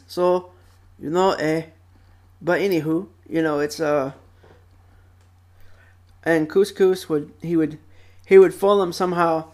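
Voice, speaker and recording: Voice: medium pitch, normal speed, pauses often, darkish tone. Rambling young vlogger on a close mic. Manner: rambling, with many fillers and repeated phrases. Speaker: vlog host. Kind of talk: casual chat about childhood TV shows. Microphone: close microphone.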